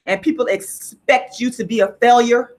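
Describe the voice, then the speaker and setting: A woman's voice: on the high side, normal speed. Blunt, profane woman ranting on a livestream. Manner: blunt, profane, animated storytelling. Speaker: vlogger. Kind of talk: casual livestream rant.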